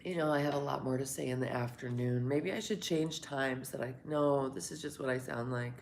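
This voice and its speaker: A woman's voice: a bass voice, fairly even intonation, brisk, a little mellow, slight background noise. A woman live streaming a casual morning chat to her viewers. She has just woken up, her voice sounds congested as if she has a cold, and she rambles, laughs often and swears.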